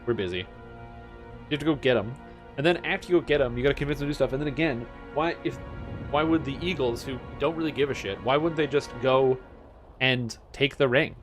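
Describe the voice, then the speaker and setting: A young man streaming a game, chatting casually with his viewers, getting excited and swearing now and then. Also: mid-range voice. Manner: mimics characters in quick offhand voices. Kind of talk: casual gameplay commentary. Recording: faint music behind.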